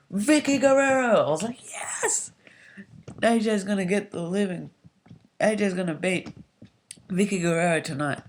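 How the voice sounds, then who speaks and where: Casual YouTube reviewer, home mic, rambling and hesitant with plenty of fillers, excitable bursts. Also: medium pitch. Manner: excitable, gets loud when worked up. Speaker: YouTube wrestling show reviewer. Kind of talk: casual spoken show recap.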